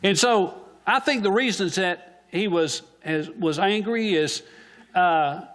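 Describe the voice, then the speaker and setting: A man's voice: high-pitched, slow, a bit bright. A man preaching a sermon in church, asking the congregation questions and answering them himself.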